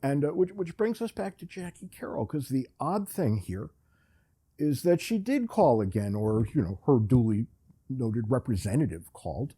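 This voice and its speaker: A man's voice: medium pitch, lively intonation, moderate pace, dark tone, slightly rough. A man hosting a podcast, telling a rambling, self-deprecating story in a casual, wry way. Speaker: podcast host.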